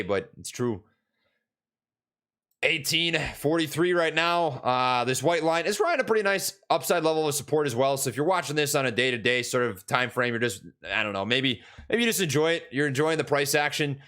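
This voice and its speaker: A man's voice: fairly high pitch, lively intonation, moderate pace, a bit bright. Chatty Minnesota-raised male streamer. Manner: rambling, lots of fillers and restarts, answers chat. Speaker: stock market streamer. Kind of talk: casual live-stream chat.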